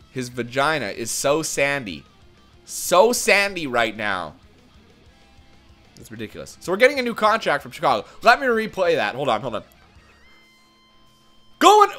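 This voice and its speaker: A man hosting a video game let's-play, doing excitable mock play-by-play and shouting at big moments. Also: on the high side. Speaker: gaming channel host.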